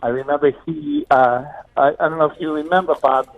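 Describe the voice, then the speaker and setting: Over phone-quality audio, an older man, a retired police officer from New City in New York City, rattles off stories briskly in a chatty phone-in, repeating words along the way. His voice sits on the high side, with a steady, creaky tone.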